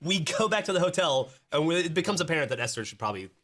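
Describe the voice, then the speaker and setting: A man's voice: a little high, very fast. A man hosting a podcast, telling an anecdote in casual chat and acting out the back-and-forth of the people in it. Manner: animated storyteller acting out quoted exchanges. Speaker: podcast host.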